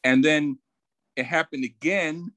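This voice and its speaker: A man's voice: a little high, fairly even intonation, a bit bright, no room sound, poor audio. A man co-hosting a casual podcast, telling anecdotes and laughing at them. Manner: unhurried storytelling, laughing at his own anecdotes. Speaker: podcast co-host. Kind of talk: casual chat.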